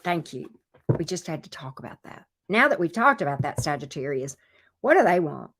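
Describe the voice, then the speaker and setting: A woman's voice: sits low, sing-song, brisk, a bit bright, breathy edge. A woman giving a casual tarot reading, chatting straight to her viewers, teasing them playfully and repeating her phrases. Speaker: tarot reader.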